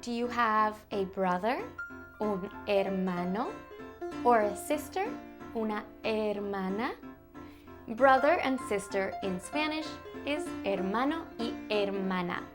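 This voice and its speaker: A woman hosting a bilingual lesson for toddlers, speaking slowly and coaxingly in a sing-song way to small children. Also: medium pitch, music in the background. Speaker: children's Spanish teacher host.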